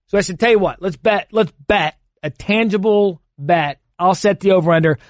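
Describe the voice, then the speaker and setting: A man's voice: high voice, normal speed, dry recording. A man co-hosting a sports radio show, arguing his points at length with analogies, speaking into a studio microphone. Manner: argumentative, builds long points with analogies. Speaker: fill-in sports radio co-host.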